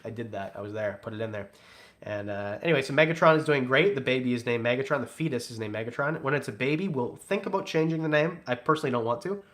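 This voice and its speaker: A man's voice: mid-range voice, fast talker, fairly bright tone. A man hosting a casual livestream, reading super chats and teasing in a joking, rambling way. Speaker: livestream host.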